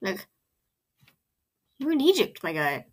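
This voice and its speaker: Excitable rambling woman reacting. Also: mid-range voice, takes it slowly. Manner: excitable, rambling, full of "like" and exclamations. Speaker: reaction video host. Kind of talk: casual reaction commentary.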